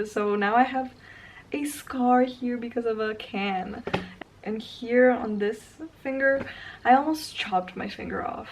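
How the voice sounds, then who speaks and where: Young woman, non-native English speaker, chatty storytime vlogger, rambling, slips into whispers, faint background hiss. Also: a little high. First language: not English. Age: young adult. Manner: chatty, rambling, often trails into soft whispers. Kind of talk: casual storytime vlog.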